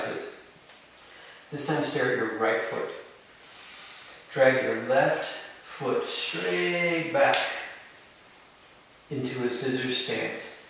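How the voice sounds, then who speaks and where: A man teaching a live yoga class, giving calm, encouraging step-by-step cues. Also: medium pitch, distant mic. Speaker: yoga instructor. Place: yoga studio. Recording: very echoey room, voice from off-mic, faint hiss.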